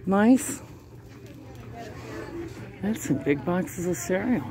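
A woman's voice: fairly low pitch, expressive, drawn-out words, dark tone. A woman chatting casually to viewers while shopping, often chuckling, filmed on a handheld phone inside a large store. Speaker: shopping vlogger. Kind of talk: casual running commentary.

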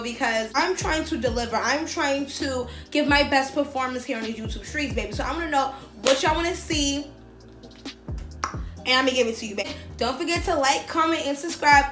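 A young woman, telling a story on her vlog in a slangy, profane, animated way. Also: high voice, moderate pace. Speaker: vlogger. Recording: echoey room with faint music.

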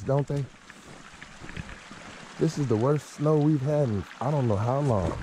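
A man in his thirties vlogging casually outdoors while walking, excited and informal, often chuckling. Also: fairly low pitch, noisy background. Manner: excited, exclaiming and chuckling, drawn-out asides; relaxed informal talk with slang. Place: outdoors in snowy woods by a creek.

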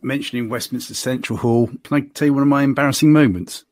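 A man's voice: medium pitch, fast talker, darkish tone, no echo, clean studio sound. A man hosting a podcast, telling self-deprecating anecdotes in a casual, chatty way. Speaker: podcast host. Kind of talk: casual storytelling chat.

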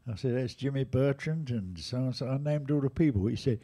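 An English jazz drummer in his eighties, a guest at a live museum event, casually tells anecdotes about jazz. His medium-pitched voice moves at normal speed, and he retells things in a lively, animated way, raising his voice for quotes.

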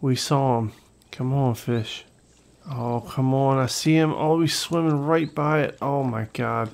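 A man hosting a gaming channel, giving casual, excitable gameplay commentary, talking to viewers and swearing when things go wrong. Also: mid-range voice, measured pace, vocal fry, rough recording.

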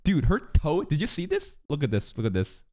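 A man streaming live, commenting on an anime episode and talking to his chat. He swears constantly and swings from loud, excited yelling to low muttering. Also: brisk. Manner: talks to chat viewers.

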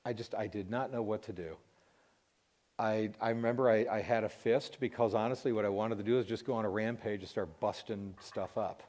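Middle-aged man, heartfelt testimony, voice cracking with emotion, halting delivery. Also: fairly low pitch, steady tone, a little mellow. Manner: emotional, voice breaking, pausing and restarting. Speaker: Christian radio host telling a personal story.

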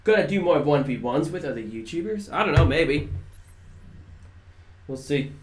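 Speaking at a normal speed in a slightly high, expressive voice, a man from the Netherlands whose first language is Dutch narrates his live gameplay casually. He trades jokes with chat and swears from time to time. The recording is echoey with faint noise behind.

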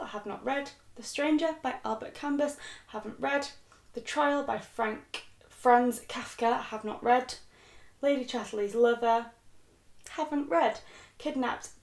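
A woman's voice: fairly high pitch, gravelly. A young British woman vlogging about books, chatty and self-mocking as she reads a list aloud. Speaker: book vlogger. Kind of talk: casual chat. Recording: echoey room.

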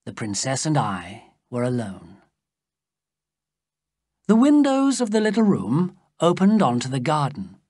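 A storyteller reading a graded novel for English learners, slowly and with a lively, rising and falling delivery. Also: medium pitch, no echo, studio quality.

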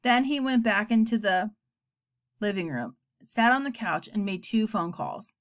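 A woman narrating a children's book aloud in an expressive storytelling style. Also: mid-range voice, measured pace.

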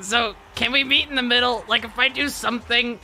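A woman's voice: fairly high pitch, fairly even intonation, brisk, bright, forceful tone, faint music behind. A woman voicing a cocky, touchy young male hawk racer in comedic, profane banter during a game playthrough. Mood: whiny, defensive. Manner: defensive, rambling, profane banter. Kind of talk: comedic let's play voice.

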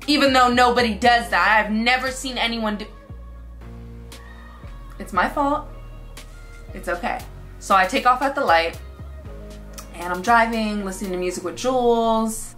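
A young woman recounts a story for her vlog in an animated way, acting out the other people's lines. Her voice sits a little high and sounds bright, with faint music underneath. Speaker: vlogger.

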